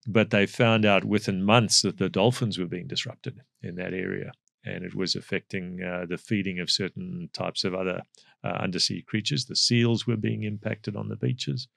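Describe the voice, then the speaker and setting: A middle-aged man with a South African accent, speaking as an energy expert in a podcast interview, measured and explanatory with frequent fillers. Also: sits low, steady tone, creaky, fairly bright tone, no room sound, clean studio sound.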